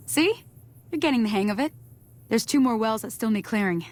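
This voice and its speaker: A folksy frontier guide. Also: female voice, a little high, lively intonation, a little fast, darkish tone. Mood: friendly. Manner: easygoing, folksy, encouraging. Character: friendly frontier woman guiding a newcomer. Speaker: video game character.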